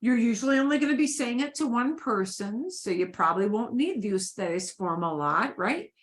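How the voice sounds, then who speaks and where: A woman's voice: fairly high pitch, lively intonation, normal speed. A woman teaching a beginners' Spanish class, patiently repeating phrases for her students to echo.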